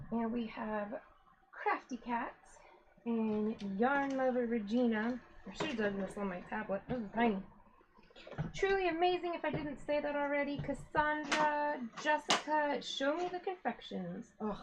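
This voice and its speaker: Chatty woman on a slow live stream. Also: sits high, highs cut off, a little hiss or hum. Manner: chatty, greeting viewers one by one. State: out of breath. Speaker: yarn dyer hosting a live stream. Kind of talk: casual live-stream chat. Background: a dog whining now and then.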